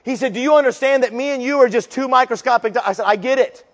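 A male preacher giving an impassioned sermon, moving between fervent declarations and quieter storytelling. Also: very high-pitched, fast talker, in a large hall.

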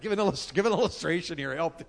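A man's voice: a little high, animated, fast, gravelly, heavy background noise. A man preaching a sermon, driving his points home with rhetorical questions. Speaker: pastor.

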